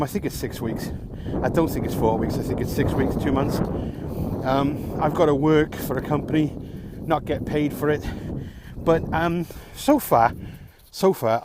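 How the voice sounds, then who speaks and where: A man's voice: mid-range voice, normal speed, background noise. A man talking alone to camera in a frustrated, sarcastic rant, swearing often. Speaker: vlogger. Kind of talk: ranting vlog monologue.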